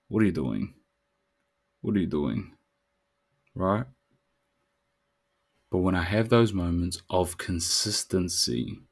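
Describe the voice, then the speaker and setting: A man's voice: deep voice, darkish tone. A man, hosting a solo podcast in a laid-back, slangy way that turns reflective. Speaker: podcast host. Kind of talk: casual solo podcast chat.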